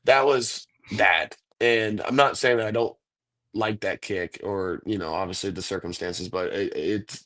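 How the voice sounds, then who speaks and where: A man's voice: fairly low pitch, a little slow, a bit bright. Laid-back man telling a long story. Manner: laid-back, rambling storyteller, says "like" and "dude" a lot. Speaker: NFL kicker, guest. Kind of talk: casual interview chat.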